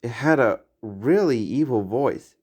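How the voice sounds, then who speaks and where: A man's voice: mid-range voice, expressive, a little slow, darkish tone. A man voicing a timid, inexperienced young male macaw who stammers and hesitates. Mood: uneasy.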